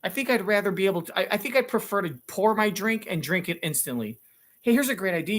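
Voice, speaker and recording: A man's voice: sits high, lively intonation, fast talker, fairly bright tone. A middle-aged talk show co-host in a sarcastic, exasperated comic rant, swearing as he goes.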